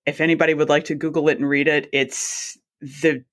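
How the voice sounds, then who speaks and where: A woman, a guest telling her career story in a chatty, animated way and acting out her own reactions. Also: low-pitched, brisk. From South Mississippi. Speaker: guest, anesthesiologist assistant. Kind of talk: casual storytelling interview.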